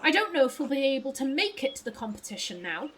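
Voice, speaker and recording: A woman's voice: high-pitched, big pitch swings, extremely slow, sharp tone, slight background noise, exaggerated voice, rough recording. A woman voicing a courteous male traveling musician in a posh, formal way, for a narrative video game.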